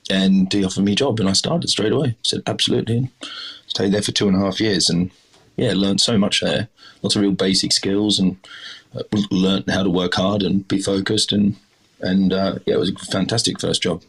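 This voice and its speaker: Australian chef, middle-aged man, deep slightly husky voice, loose rambling anecdotes. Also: fairly even intonation, moderate pace, fairly bright tone. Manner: rambling, many fillers and restarts, self-deprecating. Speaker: chef, podcast guest. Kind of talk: casual interview storytelling.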